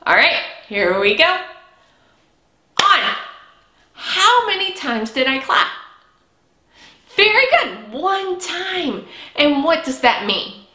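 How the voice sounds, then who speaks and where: Woman preschool teacher, slow and encouraging, echoey room. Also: high-pitched, sing-song, sharp tone. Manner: slow, patient, encouraging, stretches out sounds. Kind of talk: early learning lesson for young children.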